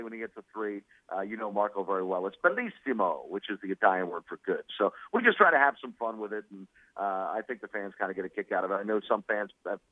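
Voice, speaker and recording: A male sports broadcaster, a guest on a radio show, chatting quickly over the phone with many fillers and laughs. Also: fairly low pitch, dry recording. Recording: tinny phone line.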